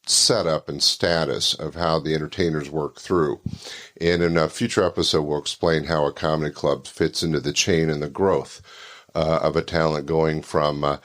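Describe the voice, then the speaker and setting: A man with a very deep, low voice introduces the next act on his comedy podcast. He talks unhurriedly and keeps pausing with filler sounds. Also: a bit bright. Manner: unhurried, many "uh" pauses. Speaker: podcast host, former comedy club owner.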